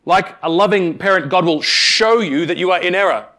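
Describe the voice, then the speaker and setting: A man preaching a sermon, speaking emphatically with deliberate pauses and addressing the congregation directly. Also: high-pitched, bright, forceful tone. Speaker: pastor.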